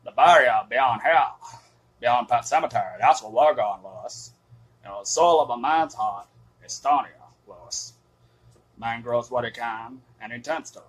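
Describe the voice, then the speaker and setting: A man doing an impression of an ominous, folksy old man who speaks loudly and slowly. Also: mid-range voice, animated, breathy edge, rough recording.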